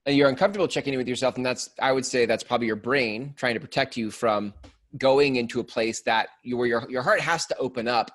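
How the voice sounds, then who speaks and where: Man, podcast co-host, reflective, casual, mid pitch. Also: fast, fairly bright tone. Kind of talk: podcast conversation.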